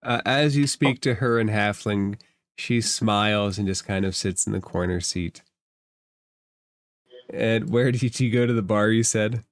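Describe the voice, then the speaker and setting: A man narrating a tabletop game as game master, slow and deliberate. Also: on the low side, dry recording, clean studio sound.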